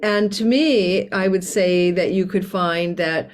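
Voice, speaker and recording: A woman with a slightly low voice hosts her own astrology channel and talks through the forecast in a loose, chatty way. She is candid and expressive and laughs easily. She records at home on a desk mic tucked under a tablecloth. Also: slow. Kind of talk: casual astrology forecast monologue.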